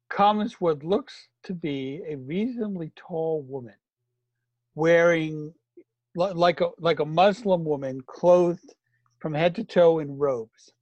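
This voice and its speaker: A middle-aged man telling anecdotes in casual chat, animated and vivid. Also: a little high, no echo, muffled recording. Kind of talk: casual storytelling.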